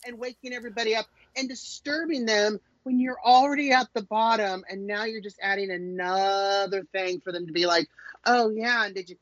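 A woman co-hosting a casual recap podcast, joking around and quick to laugh. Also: mid-range voice, steady tone, no echo, dull audio. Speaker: podcast co-host. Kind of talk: casual chat.

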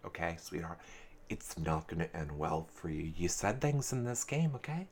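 A man doing smug condescending guy, low, quiet, patronizing. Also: big pitch swings, normal speed, a little hiss or hum.

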